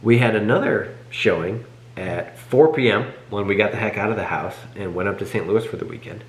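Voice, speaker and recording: A young man co-hosting a family channel, telling a story in casual chat with animated, self-correcting delivery. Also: lowish voice, brisk. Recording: echoey room.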